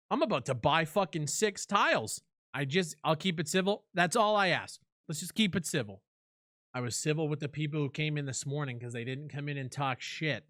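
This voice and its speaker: A brash streamer lays into an opponent with profane, combative talk, on a voice that sits a touch high. The tone is bright and cutting, and the close mic sounds dry and intimate. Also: male voice, no echo. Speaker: streamer and YouTube host. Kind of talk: heated live-stream rant and argument.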